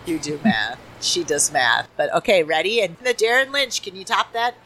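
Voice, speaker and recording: An enthusiastic woman host with a bright, forceful voice chats with guests inside a bustling public market. faint ambience hums behind her on this interview recording. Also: fairly low pitch, lively intonation, normal speed, slight background noise, rough recording. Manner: enthusiastic, chatty. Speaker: networking show host. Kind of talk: casual interview chat.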